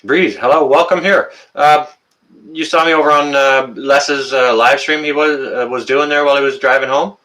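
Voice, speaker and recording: This middle-aged Canadian streamer rambles casually through comments from viewers, full of "uh" fillers and chatty asides. His Canadian accent comes through in a mid-range, bright, forceful voice with fairly even intonation at normal speed. The recording is rough.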